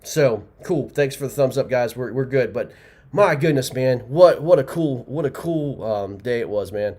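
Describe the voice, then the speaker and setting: A man's voice: mid-range voice, lively intonation, moderate pace, a little mellow. A man hosting a live results stream, rambling with many fillers and restarts, laughing often. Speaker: tournament host.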